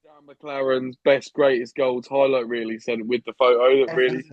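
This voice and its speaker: A man's voice: mid-range voice, little pitch movement, normal speed, dry recording. A man guesting on a podcast, teasing and cracking jokes in casual chat. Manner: teasing, wisecracking. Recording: dry, dull lo-fi audio.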